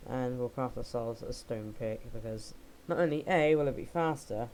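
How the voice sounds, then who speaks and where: A man's voice: mid-range voice, normal speed, few pauses, darkish tone, slight background noise, rough recording. Rambling jokey young man. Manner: rambling, jokey, self-mocking asides. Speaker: game let's player. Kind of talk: casual gameplay commentary.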